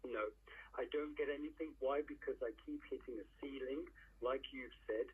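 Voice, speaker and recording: A man's voice: medium pitch, fairly even intonation, moderate pace, slight background noise. A middle-aged man from England calling in to a phone-in show, talking in long, rambling stretches and searching for words. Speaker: caller. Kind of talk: phone-in call. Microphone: telephone. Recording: tinny phone line.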